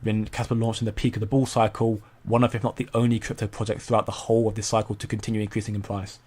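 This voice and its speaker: A man's voice: on the low side, level tone, fast, darkish tone, breathy edge. A young man hosting a casual crypto commentary stream, rambling with many stumbles and repeated words while reading viewer comments. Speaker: crypto channel host.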